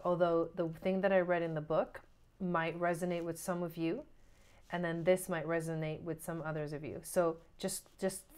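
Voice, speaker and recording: A middle-aged woman in a loose, chatty tarot reading, her voice sitting a little low. She talks earnestly and keeps slipping into little acted-out inner voices, with plenty of "like" and "you know". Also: clear, resonant tone. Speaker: tarot reader. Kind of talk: casual spiritual tarot reading.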